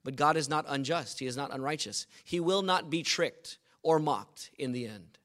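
A man preaching a sermon with animated delivery, often asking the congregation rhetorical questions. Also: on the high side, moderate pace. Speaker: pastor.

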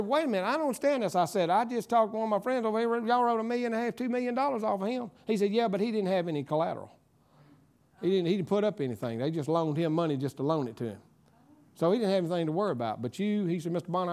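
A middle-aged preacher with a high voice for a man. He tells his testimony with deep feeling, swinging between quiet, tearful moments and loud, fervent praise. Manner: emotional, tearful storytelling that rises to shouted praise. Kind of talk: sermon testimony.

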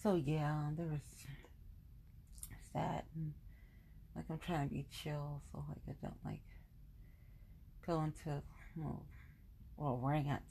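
A woman's voice: low voice, sing-song, takes it slowly, vocal fry, pauses often, dark tone, a little hiss or hum. A woman in a casual venting monologue, blunt and profane, repeating lines for emphasis.

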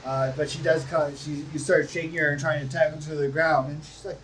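A man narrating a tabletop game as game master, unhurried and with frequent restarts. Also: on the high side, little pitch movement, a bit bright, recorded from a distance, slight background noise, rough recording.

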